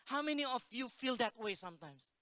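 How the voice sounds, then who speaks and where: A man's voice: very high voice, animated, brisk, pushed and bright, no echo. A man preaching an unscripted sermon as a story, in a conversational way that keeps asking the congregation questions. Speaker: pastor.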